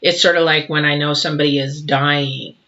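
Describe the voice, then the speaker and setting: A man giving an intuitive tarot reading to camera, earnest and a little emotional, talking in halting runs with frequent restarts. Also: fairly high pitch, steady tone, sharp tone, lo-fi sound. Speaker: tarot reader.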